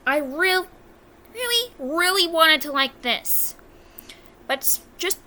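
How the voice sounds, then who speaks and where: Very high-pitched and animated yet slow, her voice is pushed and bright, with a little hiss or hum audible. This young US video reviewer ranks things casually and bluntly, exasperated, and keeps stopping to correct herself.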